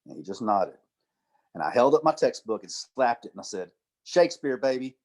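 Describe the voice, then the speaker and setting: A middle-aged man giving a church talk, telling stories, acting out quoted dialogue and reading poetry slowly. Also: fairly low pitch, very animated. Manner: storytelling, acts out quotes, recites poetry slowly. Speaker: church speaker and literature teacher.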